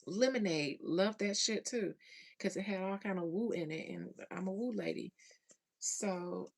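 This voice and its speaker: A woman hosting a casual livestream chat, reading viewer comments, slangy and animated, laughing often. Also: medium pitch, normal speed, vocal fry.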